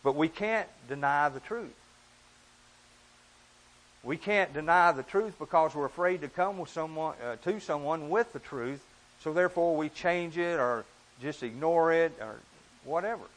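A man preaching a sermon in an earnest, emphatic way, often rising and dropping in pitch and volume. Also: measured pace, low-quality recording.

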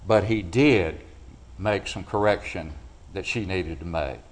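Low-voiced preacher asking rhetorical questions. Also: male voice, unhurried, a little hiss or hum. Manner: asks the congregation rhetorical questions; swings from loud emphatic peaks to low quiet drops. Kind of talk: sermon. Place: church building.

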